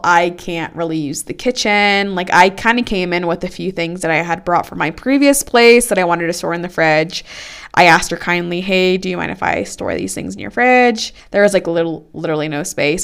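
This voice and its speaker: A woman's voice: lowish voice, clean tone. A young adult woman chatting casually as a podcast co-host, telling a story with lots of fillers. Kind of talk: casual chat.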